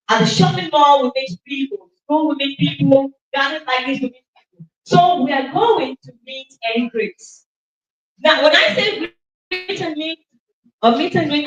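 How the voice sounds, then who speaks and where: A woman hosting a conference event, giving a lively motivational talk and calling out questions for the audience to answer. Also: sits high, far from the mic, highs cut off. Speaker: event host. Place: conference auditorium. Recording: echoey hall, from off the mic.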